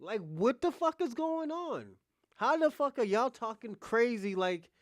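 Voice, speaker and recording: A young man rants heatedly on his livestream, profane and combative, jumping from loud bursts to low mutters. His voice sits high for a man. The sound is dry and close. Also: very animated, measured pace, dry recording. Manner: swings between loud outbursts and muttered asides. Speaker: podcast host.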